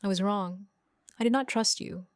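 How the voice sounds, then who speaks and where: A woman's voice: medium pitch, normal speed, clear, resonant tone, no echo, studio quality, lightly acted. A woman voicing a remorseful older sister. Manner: short simple sentences, apologetic.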